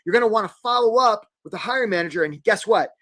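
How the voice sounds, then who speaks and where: A man hosting a live career webinar, energetic and jokey, acting out quick little quoted voices. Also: high voice.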